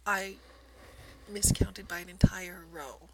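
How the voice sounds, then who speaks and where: Woman, casual show-and-tell, gravelly fry, soft near-whispers, self-deprecating. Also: lowish voice, fairly even intonation, slow, rough recording. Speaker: cross stitch vlogger.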